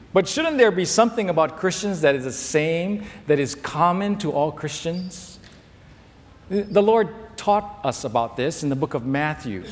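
Emphatic high-voiced man preaching. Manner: emphatic, pointing at listeners. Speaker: pastor. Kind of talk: sermon. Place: large church hall with tent overflow. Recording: long hall reverb.

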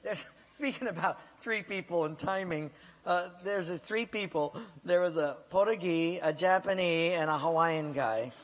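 A male pastor preaches a sermon, putting direct questions to his congregation and weaving in stories. His voice sits high. A long reverb trails his words around a large hall. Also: normal speed.

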